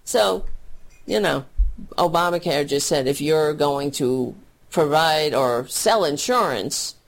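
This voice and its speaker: A woman's voice: low-pitched, expressive, slow pace, creaky. A woman hosting a political livestream, talking bluntly and heatedly, and getting emotional as she thanks her viewers. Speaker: political talk show host. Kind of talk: casual livestream commentary.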